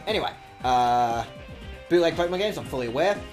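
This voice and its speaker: A man streaming a video game, chatting casually with his viewers in a sarcastic, animated way and swearing often. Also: fairly high pitch, a little fast, over music.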